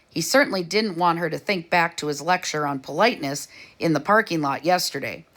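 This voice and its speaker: Woman, lowish voice, storybook narration, even read-aloud. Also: normal speed. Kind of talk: storybook reading.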